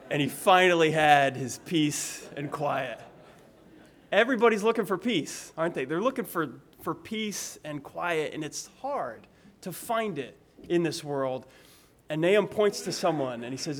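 Male pastor delivering a sermon, talky and informal, voice sits a little high. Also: lively intonation, unhurried, fairly bright tone. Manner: conversational, repeats words when restarting phrases. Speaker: preacher.

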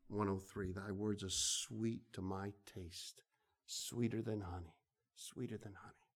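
A man preaching a sermon, pleading, drawing out phrases slowly and dropping to soft, hushed passages. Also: low voice.

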